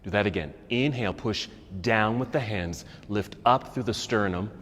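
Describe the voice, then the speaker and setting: Low-voiced man leading a yoga class. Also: normal speed, long reverb tail. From United States. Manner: calm cueing of poses and breaths. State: a little out of breath. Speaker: yoga teacher. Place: yoga studio.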